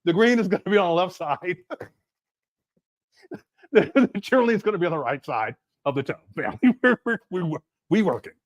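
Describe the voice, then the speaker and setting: A man's voice: high-pitched, animated, fairly quick, dull audio. A man hosting a livestream, commenting casually and mockingly while laughing often. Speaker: livestream host.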